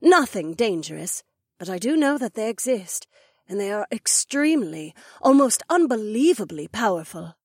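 A woman voicing a proud she-wolf duchess who explains things in a measured, serious way. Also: mid-range voice, big pitch swings, a little mellow, husky, no room sound, studio quality. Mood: grave. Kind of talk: audiobook dialogue acting.

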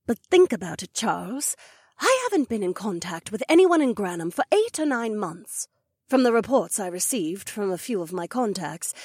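Woman voicing husky she-wolf duchess. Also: a little high, no echo, studio quality. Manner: measured, serious explaining. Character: proud she-wolf duchess, grave and knowing. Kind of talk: audiobook dialogue acting.

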